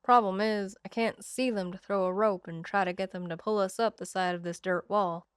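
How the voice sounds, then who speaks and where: A woman voicing a young man who is a tender, teasing old friend, speaking quietly and softly in a storybook reading. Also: medium pitch, steady tone, moderate pace, clear, resonant tone, no room sound, clean studio sound, close to an everyday voice.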